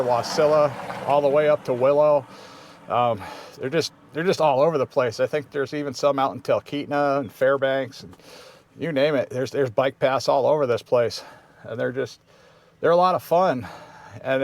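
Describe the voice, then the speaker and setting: Easygoing rambling man in his fifties. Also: medium pitch. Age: 50s. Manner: rambling, easygoing, many fillers and restarts. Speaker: vlog host. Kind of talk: casual vlog chat.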